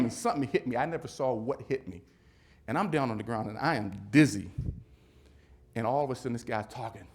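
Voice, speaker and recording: A man giving a keynote speech, telling a personal story in an animated, dramatic way and repeating key phrases for emphasis. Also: medium pitch, brisk. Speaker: keynote speaker. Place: event hall at a business summit.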